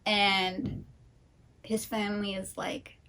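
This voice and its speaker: A young woman co-hosting a casual book chat, retelling plots in a rambling, animated way and slipping into character quotes. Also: mid-range voice, takes it slowly. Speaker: book channel co-host.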